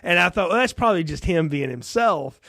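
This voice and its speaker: Rich: A high, lively male voice that swings widely in pitch. He chats casually about a film as a podcast co-host, laughing often and acting out lines. The sound is close and dry, with no room echo. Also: brisk, vocal fry. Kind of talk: casual film review chat.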